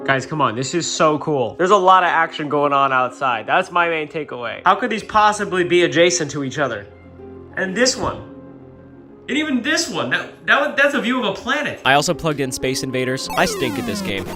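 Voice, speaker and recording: A man's voice: on the high side, very animated, brisk. A man narrating a travel vlog in a casual, upbeat, wry and self-mocking way. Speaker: travel vlogger. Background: background music.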